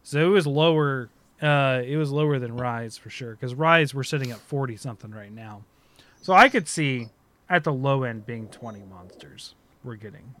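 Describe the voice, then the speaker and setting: A man co-hosting a casual chat, excitable, speculating at length and laughing loudly. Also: mid-range voice, moderate pace. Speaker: podcast co-host.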